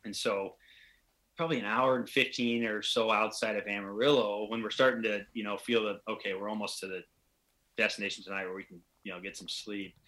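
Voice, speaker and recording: A man's voice: on the low side, steady tone, a little fast, pushed and bright. A man telling a long, rambling story in a casual podcast chat, acting out the voices of the people he quotes. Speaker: podcast guest, pro hockey player.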